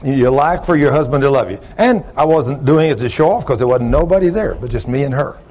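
An older man preaching a folksy sermon, talking loud and gruff, telling plain-spoken stories and asking the congregation questions. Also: medium pitch, brisk. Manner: loud, gruff, rising into shouts when acting out stories; plain-spoken, ungrammatical storytelling with audience questions.

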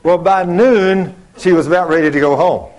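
A man's voice: high-pitched, moderate pace, a little mellow. A middle-aged man preaching a sermon, telling folksy stories and acting out both sides of the conversations.

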